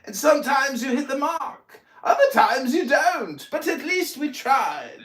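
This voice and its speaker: Man doing a high, swooping, pompous mock-English blowhard in an echoey room. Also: very animated, unhurried, a bit bright, heavily acted. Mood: indignant. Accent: mock English accent. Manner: theatrical, indignant, swearing. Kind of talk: comic roast in an audio chat room.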